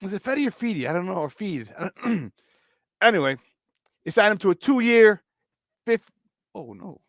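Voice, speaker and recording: A man hosting a sports talk show, reading the chat and chatting in an animated way, swinging between loud and soft. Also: sits high, a little slow, dry recording, clean studio sound.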